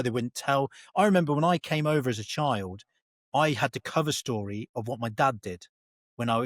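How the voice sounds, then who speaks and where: A man's voice: mid-range voice, no echo. An English man, a veteran guest, talking in a rambling, chatty way, often restarting his sentences. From England. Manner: rambling, self-correcting, chatty. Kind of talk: casual interview chat.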